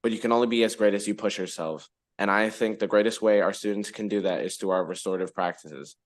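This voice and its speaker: Teenage boy reading testimony, lowish voice. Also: fast. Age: teens. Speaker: student witness.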